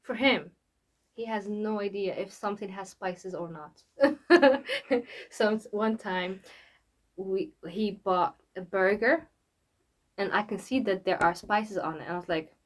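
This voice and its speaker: A young woman from Morocco talks in a relaxed interview. She is chatty, breaks into laughter often and keeps her pitch in a middle range. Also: unhurried. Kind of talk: casual interview.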